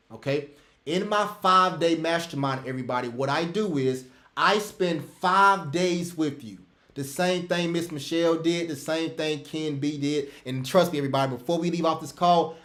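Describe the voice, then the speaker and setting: Guy running a trading webinar, high voice, gets loud then goes quiet, echoey room on a call. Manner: emphatic, rants loudly then drops to soft asides. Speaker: online trading instructor. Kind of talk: live webinar pitch. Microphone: computer mic on a video call.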